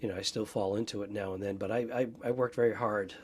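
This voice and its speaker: A man's voice: lowish voice, fairly even intonation, fast talker, background noise. A man co-hosts a comedy podcast with a mid-range voice. He tells stories in a blunt, crude, offhand way, the kind of casual chat you hear between old friends. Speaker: podcast co-host.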